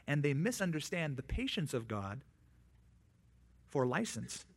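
A man preaching a sermon in a conversational way, with quick asides and acted-out quotes. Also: on the high side, big pitch swings. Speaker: pastor.

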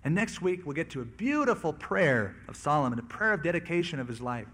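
A man preaches a sermon, talking through scripture in a casual, conversational way. His voice sits a little higher than most men's, and he slips into quoted voices now and then. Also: very animated, fairly quick, a bit bright, slightly rough. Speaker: pastor.

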